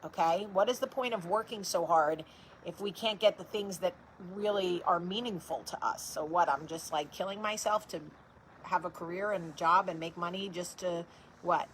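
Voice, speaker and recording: A woman's voice: on the low side, normal speed, slight background noise, low-quality recording. A woman in her forties from New Jersey, hosting a casual live-stream chat and talking straight to her viewers with blunt, profane humor. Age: 40s. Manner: talks straight to viewers and answers their comments. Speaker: host of a live video show.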